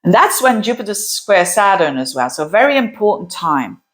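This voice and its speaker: A woman from Belgium talks about the planets in a loose, conversational monologue. She is animated, leaning on repeated words and quick asides to drive points home. Her voice sits in an everyday middle pitch. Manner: animated, repeats and restarts phrases, emphatic asides. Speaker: astrologer. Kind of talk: casual explanatory monologue.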